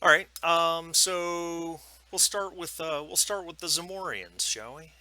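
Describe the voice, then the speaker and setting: A man's voice: on the high side, measured pace, bright, forceful tone. A man narrating as game master for a tabletop role-playing game, rambling with many ums and restarts.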